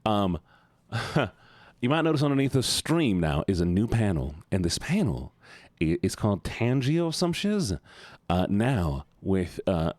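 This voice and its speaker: A man's voice: lowish voice, sing-song, unhurried, darkish tone, no echo, clean studio sound. A man streaming live and chatting casually with his viewers, rambling and joking at his own expense. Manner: rambling, self-mocking, chatty.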